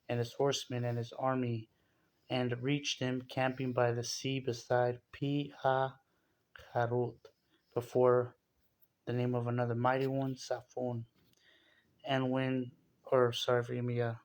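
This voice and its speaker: A man reading scripture aloud and explaining it in a casual, conversational teaching style. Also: mid-range voice. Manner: conversational, reads verses then explains with casual asides. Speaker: Bible teacher.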